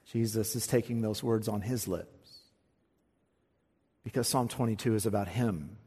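A man preaching an expository sermon, swinging from quiet, low asides to loud, fervent recitation of scripture. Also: a little slow, slightly rough. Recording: long hall reverb.

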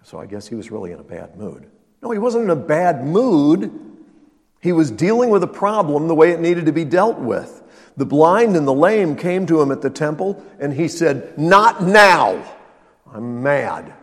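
A man delivers a sermon, his fairly high voice leaping up and down as he presses each point home. He drops low for asides, then surges loud again. A long reverb trails behind him, as in a big church sanctuary. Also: sing-song, moderate pace. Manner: emphatic, swings from loud to quiet. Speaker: pastor. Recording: long reverb of a large hall.

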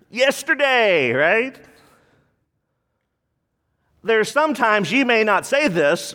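A man's voice: sits high, a bit bright, big-room sound. A male pastor preaching a sermon in an emphatic, conversational way, often repeating himself as he works through a passage.

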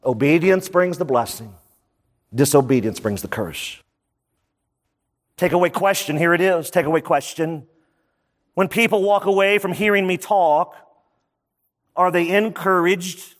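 A man delivers a sermon in a conversational preaching style, his voice sitting a touch high. He drops in quick asides between his points. The sound carries the long reverb of a large hall. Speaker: pastor.

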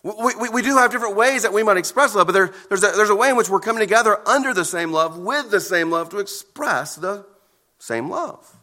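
A man preaching a sermon as pastor, earnest and emphatic, with deliberate pauses between phrases. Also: high-pitched, lively intonation, bright, forceful tone.

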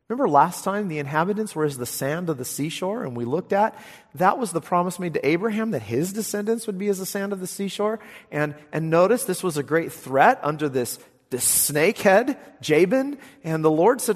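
A man preaching a sermon as pastor, animated, swinging from hushed asides to emphatic declarations. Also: fairly high pitch, moderate pace, slightly rough, big-room sound.

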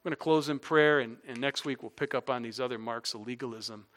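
A man's voice: mid-range voice, fairly quick, a bit bright. A male pastor preaching a sermon, telling everyday stories, repeating his main point with emphasis, and closing in prayer. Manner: illustrative storytelling and emphatic repetition, closing in prayer.

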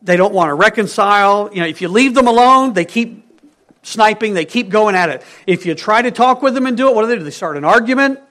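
A male pastor preaching a sermon in an earnest way, moving between emphatic lines and hushed ones. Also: high voice, animated, brisk.

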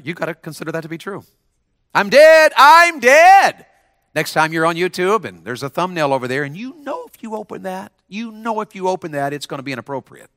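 A man preaching with a bright, forceful voice, animated and punchy. He leads the room in call-and-response phrases and works with a student volunteer as he goes. The sound is dry and close. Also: mid-range voice, no room sound. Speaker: preacher at a school chapel. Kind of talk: sermon to students.

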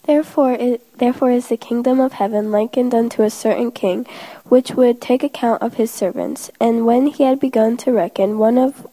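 A woman reading a long scripture passage aloud in a sermon, steady with the odd slip. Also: on the high side, moderate pace, low-quality recording. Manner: steady reading of old-fashioned verse, occasional slips. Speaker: scripture reader.

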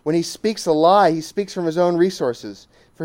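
A man's voice: on the high side, moderate pace, few pauses. Emphatic man preaching a sermon. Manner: emphatic, repeating lines for emphasis, rising to loud exclamations.

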